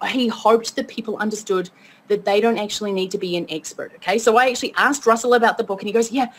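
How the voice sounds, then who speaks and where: A woman's voice: medium pitch, fairly even intonation, fast talker, a little hiss or hum. A woman teaching an online course webinar, upbeat and chatty, often checking in with her listeners. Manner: upbeat, chatty, keeps asking okay. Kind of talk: motivational webinar talk.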